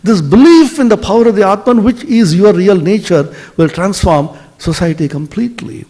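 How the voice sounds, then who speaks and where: A man giving a spiritual lecture, telling stories expressively and dropping to soft tones for emphasis. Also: sits high, expressive, normal speed.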